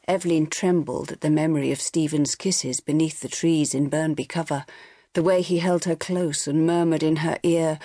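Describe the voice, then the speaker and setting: A woman narrating an abridged audiobook novel in a measured storytelling manner. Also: low voice, steady tone, mellow, dry recording, studio quality.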